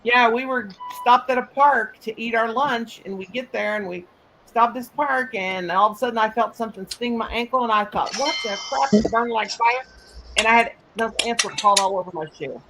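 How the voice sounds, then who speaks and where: A woman's voice: a little high, normal speed, fairly bright tone, a little hiss or hum, rough recording. A woman, hosting a casual live chat and telling folksy stories with a laugh. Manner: folksy storytelling, laughs often. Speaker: host, mother.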